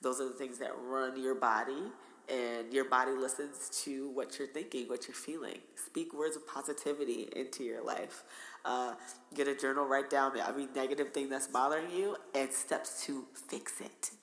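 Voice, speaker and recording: Low-voiced Jersey woman, roomy echo. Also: steady tone, moderate pace. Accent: New Jersey. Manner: laughs often, loose and chatty. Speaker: podcast guest. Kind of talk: casual chat. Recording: echoey room with long reverb.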